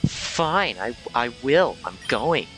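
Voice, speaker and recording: Man doing a nervous young woman student, stammering, timid, raised voice, bright tone. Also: mid-range voice, very animated, slow, faint music behind, pitched above the performer's own voice, poor audio.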